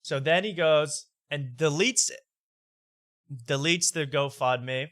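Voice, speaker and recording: Bright, mocking talk show host. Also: male voice, fairly high pitch, slow, no room sound, studio quality. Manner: mocking, laughing, reads posts aloud. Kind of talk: late-night comedy talk show.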